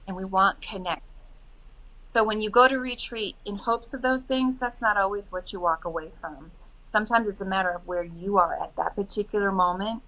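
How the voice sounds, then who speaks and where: A middle-aged woman, a podcast guest, chatting casually and telling animated stories about her retreats. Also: medium pitch, poor audio. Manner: animated storytelling, quotes others in lively voices. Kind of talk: casual interview chat.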